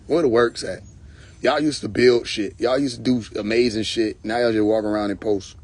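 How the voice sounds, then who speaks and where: A man's voice: fairly low pitch, fairly even intonation, moderate pace, darkish tone, slight background noise. A young man hosting a casual live stream, mocking and profane, often breaking into laughter.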